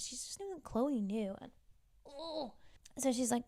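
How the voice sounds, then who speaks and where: A woman's voice: sits high, expressive, a little slow, pauses often, warm tone. Chatty young woman recapping TV drama. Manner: chatty, full of "like" fillers and asides. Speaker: YouTube recap host. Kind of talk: casual TV episode recap.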